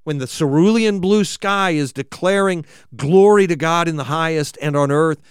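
A man's voice: fairly high pitch, moderate pace, clean tone, no echo, studio quality. A man preaching a sermon, reading scripture aloud with rising and falling emphasis.

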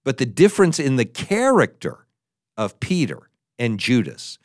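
A man preaching a sermon, who talks in an animated way and acts out the figures he quotes in different voices. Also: medium pitch, unhurried, no room sound, studio quality.

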